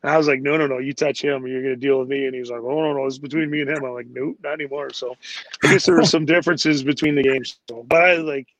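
A man's voice: mid-range voice, fairly even intonation, quick pace, a bit bright, dry recording, rough recording. A man, a former hockey player, telling rambling casual stories with lots of "like" and "you know" fillers. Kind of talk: casual storytelling interview.

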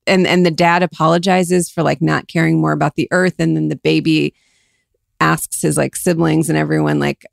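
A woman's voice: deep voice, steady tone, moderate pace, creaky, no echo, clean studio sound. A woman co-hosting a podcast, casually rambling through a retelling with lots of filler words. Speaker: podcast co-host. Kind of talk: casual chat.

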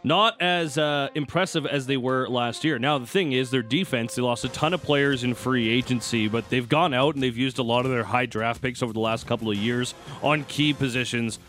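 A man at a medium pitch delivering a sports radio game recap, moving steadily through plays and scores. Faint music sits under his voice. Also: normal speed, fairly bright tone. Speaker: sports radio co-host giving the morning report.

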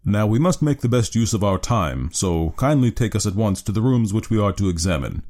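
A man reading an audiobook, voicing a cool, calculating detective in a measured, clipped way. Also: fairly low pitch, lively intonation, mellow, lightly acted. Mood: calm.

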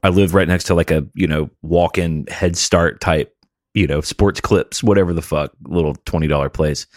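Man, 30s, low and relaxed, dry close mic, casual chat. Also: normal speed, no echo.

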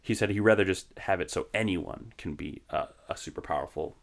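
A man's voice: deep voice, fairly quick, vocal fry. A man co-hosting a podcast in casual chat, reasoning through his points in an argumentative way. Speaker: podcast co-host.

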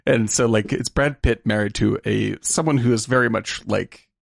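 Give me a man with a gravelly voice, casual film chat on a call. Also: fairly low pitch, fairly even intonation, dry recording, clean studio sound. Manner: quick agreeing, searches for names. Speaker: podcast co-host.

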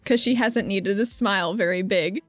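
A woman's voice: medium pitch, moderate pace, no room sound, soft background music. A woman player wryly narrating her character's actions in a tabletop game.

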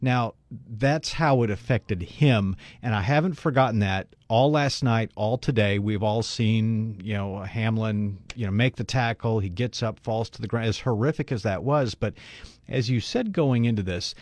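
Male radio co-host, mid-range voice, dry close mic, lively storyteller. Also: lowish voice, moderate pace, no echo. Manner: animated storyteller, voices the people in his story. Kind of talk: casual radio chat, storytelling.

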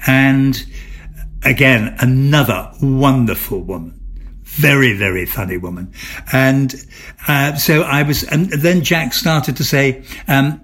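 Speaking slowly in a medium-pitched, slightly bright, husky voice, this older man tells stories in an interview. A former soap actor, he chats candidly in a theatrical, amused way, frequently repeating himself and starting over.

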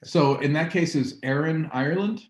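A man co-hosting a podcast, laid-back and quick to laugh in casual banter. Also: a little high. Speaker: podcast co-host. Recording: roomy echo.

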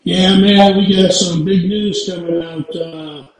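A man joining a podcast as a guest on a headset, friendly and hearty, calling the hosts brother. His voice sits fairly high, and it comes through with a heavy echo over the remote line. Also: steady tone, slow. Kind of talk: casual chat.

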